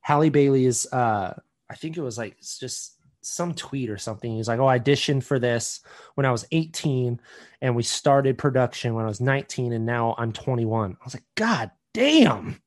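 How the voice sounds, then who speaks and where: This young podcast co-host has a medium-pitched, slightly mellow voice with a steady tone and moderate pace. He runs through entertainment news in casual banter, cracking jokes and swearing frequently.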